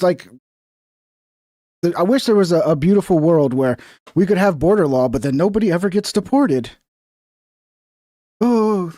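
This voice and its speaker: A man's voice: fairly high pitch, dark tone, dry recording, clean studio sound. A young man hosting a casual livestream, talking bluntly and sarcastically with lots of swearing. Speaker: streamer reacting to news.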